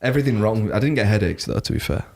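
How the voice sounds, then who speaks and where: Young male co-host, very low voice, loose rambling chat. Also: lively intonation, very fast, gravelly, darkish tone. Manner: rambling, laughs often. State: recovering from a cough. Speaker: podcast co-host. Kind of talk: casual chat.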